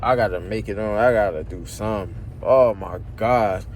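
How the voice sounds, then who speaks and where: A man's voice: fairly low pitch, moderate pace, slight background noise. A young man venting in a rambling, slang-heavy, swear-filled vlog rant about his job. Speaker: vlogger. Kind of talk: ranting vlog.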